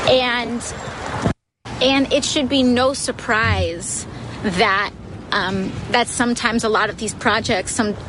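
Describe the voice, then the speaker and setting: Earnest woman on a noisy street. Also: a little high. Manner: earnest, halting, searching for words. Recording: outdoor clip with street traffic noise.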